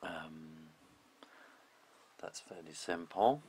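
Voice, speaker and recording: A man's voice: very deep voice, drawn-out words, darkish tone, husky, poor audio. A man, an illustrator, giving a casual, chatty spoken drawing tutorial with frequent ums and loose phrasing.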